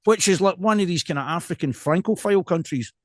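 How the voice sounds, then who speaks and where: A man with a West of Scotland accent, co-hosting a casual podcast chat in an animated, jokey way. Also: sits high, fast, no echo, studio quality. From Scotland, South Lanarkshire. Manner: animated, jokey, throws in mimicked voices. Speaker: podcast co-host.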